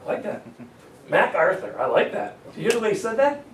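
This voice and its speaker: A man teaching a real estate sales seminar to a live audience, energetic and joking, often laughing at his own stories. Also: high-pitched, quick pace. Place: meeting room with a live audience. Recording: echoey room, mic far off.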